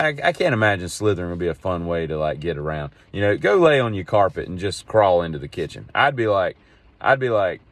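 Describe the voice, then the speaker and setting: A middle-aged man rambles through a casual podcast monologue in a very low voice. He digresses freely and sounds wry and exasperated. The sound is close and dry. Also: sing-song, fast talker, dry recording. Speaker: podcast host.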